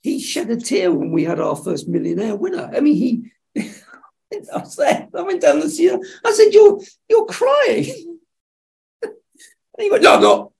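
A man, a television executive, telling lively anecdotes in an interview and acting out the dialogue. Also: very high-pitched, normal speed, vocal fry, pauses often. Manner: animated storyteller acting out dialogue. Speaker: television executive, podcast guest.

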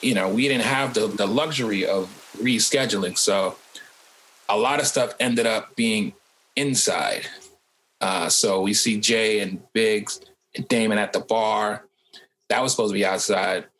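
Low-voiced man recalling a video shoot. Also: measured pace, a bit bright, low-quality recording. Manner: casual explaining. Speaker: music video director. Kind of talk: interview.

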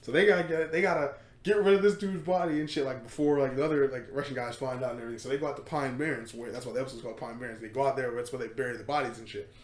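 A man hosting a podcast, retelling a story in casual chat, animated and laughing, with lots of fillers and swearing. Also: mid-range voice, rapid-fire, hardly any pauses, echoey room. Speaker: podcast host.

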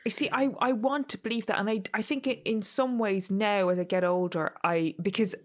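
A woman in casual conversation tells self-deprecating stories with plenty of swearing. She slips into little voiced exchanges with her own inner critic. Her voice sits at an ordinary middle pitch. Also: brisk. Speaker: podcast co-host. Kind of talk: candid casual chat.

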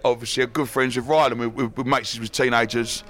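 Fast-talking man. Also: mid-range voice. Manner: fast, excitable storyteller who repeats himself. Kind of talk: casual chat, anecdotes.

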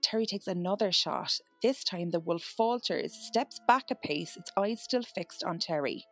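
A woman's voice: on the low side, animated, moderate pace, soft background music. A woman, co-hosting a podcast, reading out a dramatic story and breaking into swearing banter. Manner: dramatic narration, swears freely. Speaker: podcast co-host. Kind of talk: true-crime storytelling chat.

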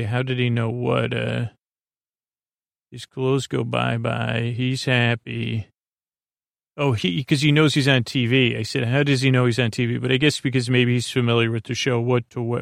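A man's voice: mid-range voice, level tone, moderate pace, vocal fry, dry recording, clean studio sound. A man hosting a podcast, rambling through a sleepy recap of a TV episode with many fillers and restarts. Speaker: podcast host.

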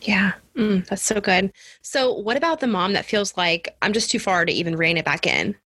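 A woman's voice: mid-range voice, expressive, moderate pace, fairly bright tone, breathy edge, no echo. A woman hosting a podcast, affirming her guest and encouraging her to expand on her points. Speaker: podcast host. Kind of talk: podcast interview.

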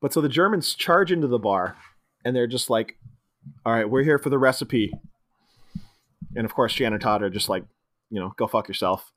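A man casually recapping a film on a podcast, quoting characters in quick put-on voices. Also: mid-range voice, expressive, fairly bright tone. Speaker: podcast co-host. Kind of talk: casual movie recap chat.

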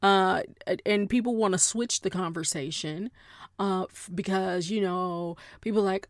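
A woman hosts a podcast with casual, comedic storytelling. She is animated and playful and often breaks into exaggerated voices to act out what other people said. Her voice sits at an ordinary pitch and is recorded close and dry, with no room sound. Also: a little slow, no room sound. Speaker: podcast host.

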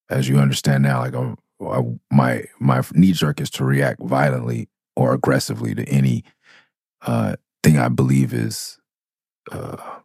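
In a creaky bass voice with a darkish, husky tone, this middle-aged Los Angeles rapper and podcast host tells raw, profane stories candidly. His monologue rambles bluntly, restarting and circling back on itself, captured in a dry, studio-quality recording.

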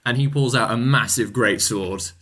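A man's voice: mid-range voice, moderate pace, fairly bright tone. A man running a tabletop game as game master, narrating casually with many fillers.

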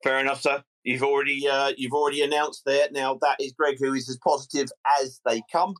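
Brief: easygoing phone-in host, measured, chatty, keeps callers moving. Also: male voice, medium pitch, little pitch movement, a bit bright. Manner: measured, chatty, calls people sir and mate. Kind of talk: fan phone-in presenting.

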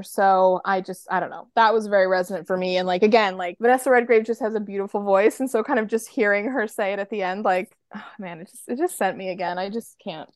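A woman's voice: mid-range voice, no echo, clean studio sound. An American woman co-hosting a podcast, chatting casually with lots of fillers and restarts. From United States. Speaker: podcast co-host. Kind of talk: casual chat.

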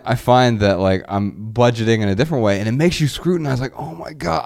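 Low, smooth-voiced man chatting casually. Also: a little mellow. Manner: chatty, rambling, restarts mid-phrase. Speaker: podcast co-host. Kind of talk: casual podcast chat.

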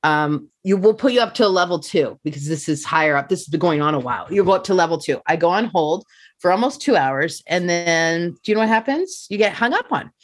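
A woman's voice: on the low side, lively intonation, a little fast. Woman telling a profane story. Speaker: comedian guest. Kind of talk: casual podcast chat.

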